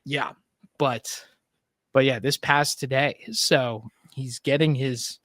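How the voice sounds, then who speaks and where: A man's voice: medium pitch, fairly even intonation, takes it slowly, fairly bright tone, no room sound, clean studio sound. A male podcast host chatting loosely about politics with a wry, filler-heavy delivery. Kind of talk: casual political chat.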